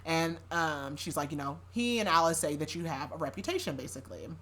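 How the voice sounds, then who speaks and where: A young adult woman on a podcast, recapping a novel in casual chat, chatty and quick to laugh, leaning on "like" constantly. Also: low voice, expressive, a bit bright. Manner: chatty, laughing often, heavy use of "like".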